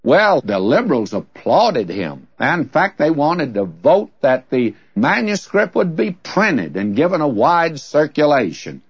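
A man's voice: a little high, very animated, unhurried, few pauses, breathy edge, dry recording, lo-fi sound. An older man preaching a sermon, telling a story and leaning hard on key words.

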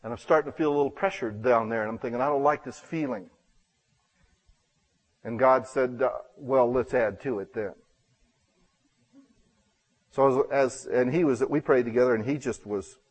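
A man preaching a sermon as a pastor, telling a personal story with acted-out dialogue and self-deprecating asides, with loud emphatic bursts. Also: mid-range voice, breathy edge, poor audio.

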